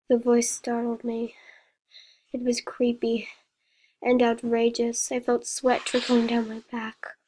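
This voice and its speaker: A woman reading a horror story aloud in a slow, even way, with a few slips. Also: on the high side, low-quality recording.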